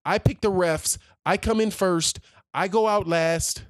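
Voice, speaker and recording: A pompous, spoiled boxer reels off his demands in a smug, high, mocking voice, put on by a male vlogger. The delivery sounds dry and close to the mic. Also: measured pace, dry recording.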